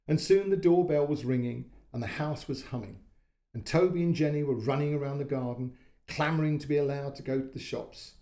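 A male storyteller narrating a short fiction piece, calm and measured. His voice is mellow and warm, with a soft, dark edge. He sits at a middle pitch and eases the tale along. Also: vocal fry. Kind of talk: audiobook-style story narration.

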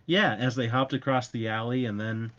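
A man's voice: mid-range voice, fairly even intonation, moderate pace, a bit bright, muffled recording. A young man chatting casually on a podcast, telling stories in a rambling, self-mocking way with plenty of fillers. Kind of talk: casual chat.

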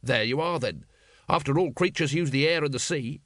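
A man voicing a gruff, bitter city watch captain who talks in a low, grumbling growl. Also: normal speed, a bit bright, no echo, studio quality, natural voice.

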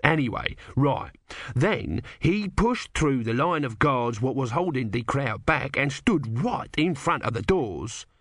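Brief: male reader as a fast-talking hawker, wheedling and chatty, close and dry. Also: mid-range voice, very animated, fairly bright tone, dry recording, heavily acted. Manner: chatty, wheedling sales patter. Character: shifty male street trader, chatty salesman.

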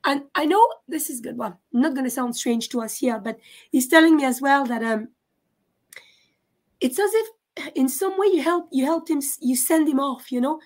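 Woman, psychic medium, high voice, halting, questioning. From France. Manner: halting, restarts often, checks in with questions. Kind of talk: live mediumship reading.

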